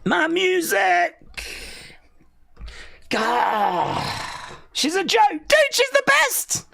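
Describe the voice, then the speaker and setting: A streamer calling out live reactions, swinging widely between a low murmur and high excited shouts. The voice is bright and edged with gravelly fry, and the talk is unhurried but full of bursts of enthusiasm. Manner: excitable, shouts and laughs, chatty asides. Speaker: live stream watch-along host.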